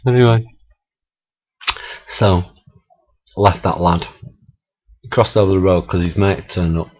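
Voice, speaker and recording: Gravelly-toned man chatting. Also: lowish voice. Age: middle-aged. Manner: chatty, swears, laughs a lot. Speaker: vlogger. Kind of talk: casual storytelling monologue. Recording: dull lo-fi camera audio.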